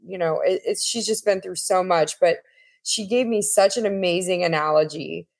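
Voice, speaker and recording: A woman guest on a faith-based podcast, telling a story in an earnest, animated way. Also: lowish voice, moderate pace, creaky. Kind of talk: casual faith-based conversation.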